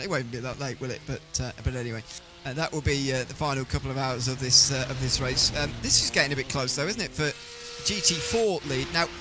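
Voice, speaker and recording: A man doing fluent play-by-play of a sim race, with dry teasing humour. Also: medium pitch. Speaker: race commentator. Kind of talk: esports race commentary.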